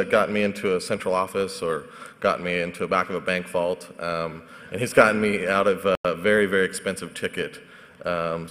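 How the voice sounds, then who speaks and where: A man's voice: low voice, a bit bright. A man on a conference panel telling a rambling, hesitant story full of fillers. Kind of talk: anecdotal storytelling on stage. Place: conference hall stage. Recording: echoey hall.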